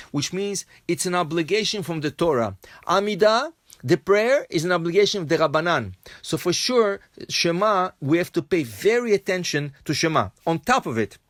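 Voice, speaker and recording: High-voiced rabbi explaining Talmud step by step. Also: male voice, fairly bright tone, dry recording, clean studio sound. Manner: explains step by step, repeats and restates points. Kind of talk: daily Talmud class.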